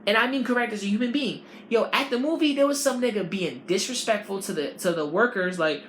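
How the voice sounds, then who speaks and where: A woman's voice: medium pitch, a little fast, few pauses, slight background noise. A woman hosting a podcast, ranting in a casual, profane and rambling way. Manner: animated, profane, rambling delivery. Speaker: podcast host. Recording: roomy, with faint ambience.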